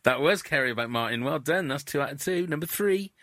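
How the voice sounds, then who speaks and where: A man hosting a casual interview, running a quiz in an upbeat, brisk way. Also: on the high side, expressive, fairly bright tone, dry recording, studio quality. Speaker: host.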